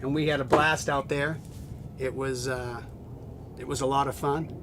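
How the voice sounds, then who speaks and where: A middle-aged man casually telling a long story, animated, acting out what others said and laughing often, recorded on a home video camera. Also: mid-range voice, measured pace, background noise. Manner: animated, acts out quoted voices, laughs often. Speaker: family friend telling stories.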